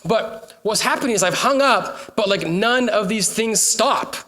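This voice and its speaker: Man, young adult, pastor, sermon, high voice, jokey and conversational, occasional shouts to the congregation. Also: expressive, measured pace, background noise. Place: church hall with a congregation.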